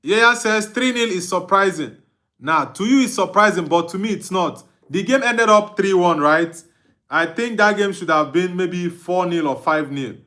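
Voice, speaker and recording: Bright-voiced Nigerian man streaming football. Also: high voice, moderate pace. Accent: Nigerian Igbo English. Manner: reads viewer comments aloud and answers them, laughs often. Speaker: football watch-along streamer. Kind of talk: live stream chat reading.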